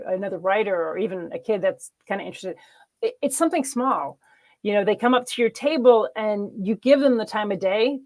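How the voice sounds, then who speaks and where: A woman hosting a casual interview, chatty and quick to laugh. Her voice sits in a middle range and sounds close and dry, with no room around it. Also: mid-range voice, a little mellow, no echo. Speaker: host.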